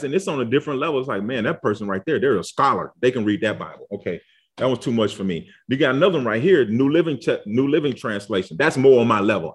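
A man giving an informal Bible study lesson, talking conversationally and often checking in with "okay?" and "all right?". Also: mid-range voice. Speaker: Bible teacher. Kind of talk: casual teaching talk.

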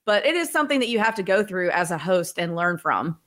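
A woman's voice: lowish voice, sing-song, a little fast, a bit bright, a little hiss or hum. A woman hosting a podcast interview, talking candidly and reflectively with hesitant restarts. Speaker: podcast host. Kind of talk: casual interview.

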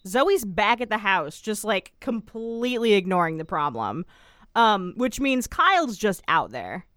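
A woman's voice: mid-range voice, fairly bright tone, no echo, clean studio sound. A young woman co-hosting a podcast, recapping a TV episode in a chatty, rambling way. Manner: chatty, rambling, lots of fillers and asides. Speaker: podcast co-host. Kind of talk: casual chat recapping a TV episode.

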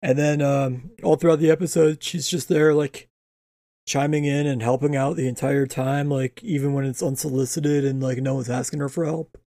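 Gravelly, mellow-voiced man chatting casually. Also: medium pitch, level tone, normal speed, dry recording, studio quality. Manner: laid-back, crude, laughing. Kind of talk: casual chat reviewing a TV episode.

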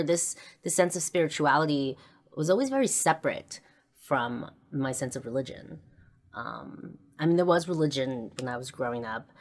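A woman with a low voice tells a personal story as a podcast host. She rambles, circles back and fills pauses with ums and likes. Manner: rambling, many fillers and restarts.

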